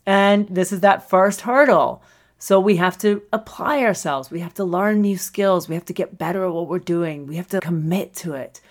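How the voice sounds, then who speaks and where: A woman hosting a solo podcast as a coach, talking in an animated way, often laughing and acting out the voices she quotes. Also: mid-range voice. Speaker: podcast host and screenwriting coach.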